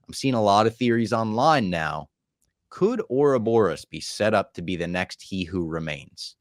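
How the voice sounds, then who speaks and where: A man's voice: on the low side, normal speed, no room sound, clean studio sound. A man hosting a podcast, recapping a show in casual chat and telling jokey stories. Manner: animated, jokey storyteller. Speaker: podcast host.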